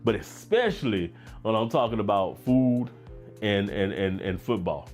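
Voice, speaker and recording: A man's voice: lowish voice, sing-song, measured pace, a little mellow, soft background music. A middle-aged man from Baton Rouge with a Louisiana accent, hosting a casual fragrance livestream. He talks in a laid-back, chatty way and reads comments from the chat aloud.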